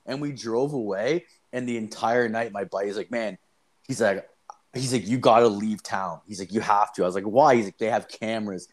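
Young adult male podcast host; casual, profane storyteller, mid-pitched, animated when quoting. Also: fairly quick. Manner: rambling, profane, animated retelling with quoted voices.

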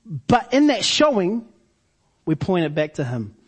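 Husky high-voiced preacher. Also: male voice, huge pitch swings. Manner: preaching with slow emphatic repetitions. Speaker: pastor. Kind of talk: sermon.

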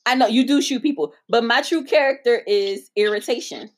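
A woman co-hosting a podcast, chatting casually in a profane, animated storytelling manner. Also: fairly high pitch, a little fast. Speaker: podcast co-host. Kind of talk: casual chat.

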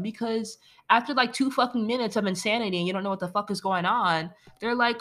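A woman's voice: a little high, a little fast, a bit bright. A woman ranting casually about a movie she hates, exasperated and swearing freely. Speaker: movie reviewer.

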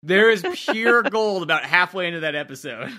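A man hosting a podcast in casual chat, quick to laugh with lively reactions. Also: sits high. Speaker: podcast host and editor. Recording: dull lo-fi call audio.

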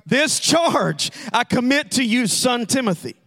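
A man delivers a sermon from the pulpit. His voice sits very high for a man. He moves between hushed, quick asides and loud, sing-song peaks of emphasis. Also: very animated. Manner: preacherly, swings from quiet asides to shouted, sung emphasis. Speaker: pastor.

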